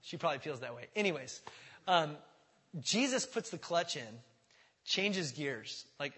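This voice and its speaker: With a fairly high, bright, forceful voice that's slightly rough, this man preaches a bit slowly with lively intonation, and a long reverb tail follows his words. As pastor he keeps the sermon conversational, checking in with "does that make sense?" and voicing characters in the dialogue.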